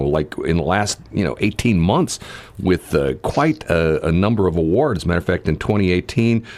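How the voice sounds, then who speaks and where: A man with a very low voice co-hosts a morning radio show from the studio. He chats casually and rambles, full of "uh" and "you know", often restarting his sentences mid-thought. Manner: rambling, many fillers and restarts. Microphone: studio microphone.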